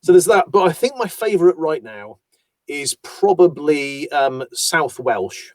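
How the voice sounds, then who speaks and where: A man from Yorkshire, an audiobook narrator, chatting about his voice work in an animated storytelling manner. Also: a little high, measured pace, no echo. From Yorkshire, England. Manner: animated, chatty storyteller who slips into accents. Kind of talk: casual conversation about voice work.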